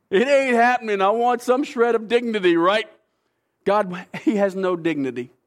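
A man delivers a sermon in a notably high voice. He preaches with emphasis, easing into soft, hushed passages before building to excited, louder bursts. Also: unhurried. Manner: animated, emphatic preaching with sudden shifts between soft and loud. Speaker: pastor.

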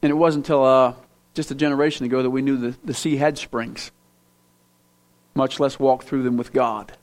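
A man preaching a sermon to a congregation, talking to them directly with questions, swinging from loud emphatic bursts to quiet, low asides. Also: steady tone, normal speed. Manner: emphatic, with sudden loud rises and quiet drops; conversational, asks the listeners direct questions. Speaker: pastor. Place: church before a congregation.

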